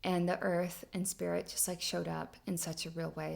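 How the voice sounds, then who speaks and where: A woman's voice: fairly low pitch, level tone, normal speed, gravelly, hardly any pauses. A woman hosting a podcast, telling a personal story in a chatty way, with lots of "like" fillers and frequent laughs. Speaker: podcast host. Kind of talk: casual storytelling monologue.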